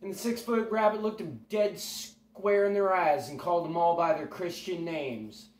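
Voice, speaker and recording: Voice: mid-range voice, moderate pace, soft background music. A storyteller spinning an improvised, crude and playful Halloween tale. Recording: roomy, from far off.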